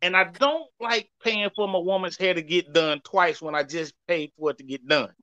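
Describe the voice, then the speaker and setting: A man's voice: high voice, normal speed, bright, forceful tone, dry recording, muffled recording. A man co-hosting a casual panel chat, talking emphatically and repeatedly addressing the men listening. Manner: emphatic, repeats "I'ma tell you right now", addresses the fellas. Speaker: podcast co-host.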